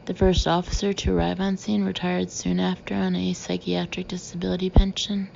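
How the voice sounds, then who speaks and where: Gruff bitter male cop, blunt and sarcastic, gravelly dark tone; a woman reads him. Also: on the low side, little pitch movement, fairly quick, dull audio, slight background noise. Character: gruff bitter middle-aged male Boston detective.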